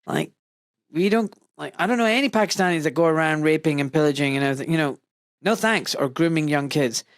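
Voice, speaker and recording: A man from Scotland who is a doctor, hosting a podcast in a blunt, animated way, full of asides and quoted voices. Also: a little high, fast, dry recording. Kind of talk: casual opinionated podcast talk.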